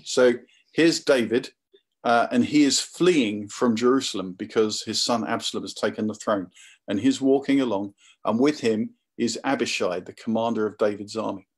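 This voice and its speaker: A man preaching a sermon in a conversational, animated storytelling manner. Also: on the low side, moderate pace, husky.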